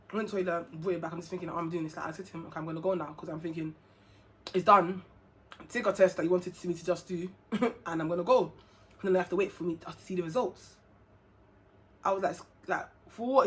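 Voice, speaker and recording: Young woman telling a story. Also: on the low side. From England. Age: young adult. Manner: animated, slangy, laughs often, acts out dialogue. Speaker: vlogger. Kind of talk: casual storytelling.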